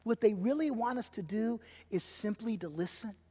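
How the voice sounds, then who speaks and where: Middle-aged male pastor, high pitched and emphatic, sermon in a reverberant hall. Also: normal speed, slightly rough. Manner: animated, emphatic preaching with acted-out quotes. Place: church sanctuary. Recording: long church hall reverb.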